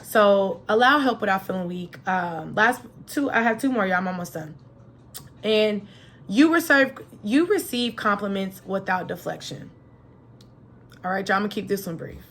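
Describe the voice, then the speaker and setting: A young adult woman hosting a solo motivational podcast in a chatty, animated manner. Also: medium pitch, normal speed, slight background noise. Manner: lively, chatty, animated, acts out quoted voices. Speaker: podcast host.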